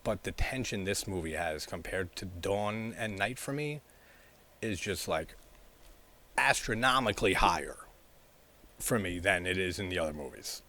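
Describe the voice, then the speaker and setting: A horror movie reviewer rambles casually about a horror film in a low, animated, sharp-toned voice at a moderate pace. He leans heavily on "like" and chuckles often, and there's a faint hiss or hum.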